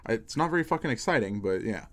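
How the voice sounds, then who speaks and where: A man's voice: lowish voice, expressive, quick pace, a bit bright. A man hosting a podcast in casual chat, swearing a lot and laughing often. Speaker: podcast host.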